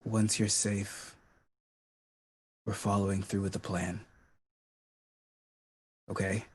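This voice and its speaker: Slow, calm man player. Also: fairly low pitch, husky. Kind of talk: in-character tabletop play.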